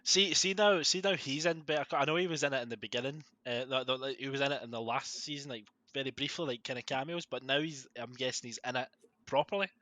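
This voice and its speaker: A young man, co-hosting a podcast, excitable and swearing freely in casual chat. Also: mid-range voice, fast, no room sound. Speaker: podcast co-host.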